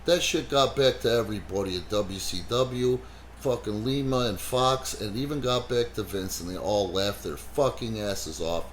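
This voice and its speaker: Brash man, podcast host, swears freely, lively storyteller, slight noise under the voice. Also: lowish voice, moderate pace. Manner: animated, swears heavily, frequent "you know". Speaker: wrestling promoter and podcast host. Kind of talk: casual profane podcast storytelling.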